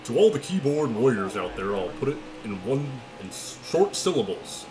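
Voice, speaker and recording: A man doing an impression of a measured, veteran male TV racing commentator in short, clipped phrases. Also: mid-range voice, sing-song, music in the background, close to an everyday voice. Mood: mock solemn.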